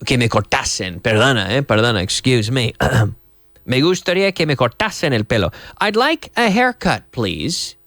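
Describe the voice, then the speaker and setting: A man's voice: medium pitch, very animated, normal speed, fairly bright tone, no room sound. A man from Canada teaching English vocabulary on a TV lesson, spelling words out and switching into Spanish.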